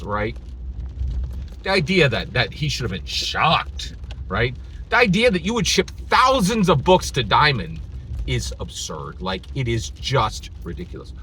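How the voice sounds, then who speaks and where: A channel host ranting in exasperated, sarcastic commentary, laughing between lines, with a slightly husky voice. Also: male voice, mid-range voice, wildly swooping pitch, measured pace, pushed and bright, slight background noise.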